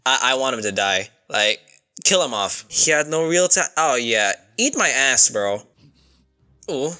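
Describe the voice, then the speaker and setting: A young man giving casual, excitable reaction commentary, swearing freely and breaking into sudden outbursts. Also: medium pitch, moderate pace, smooth. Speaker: anime reaction youtuber.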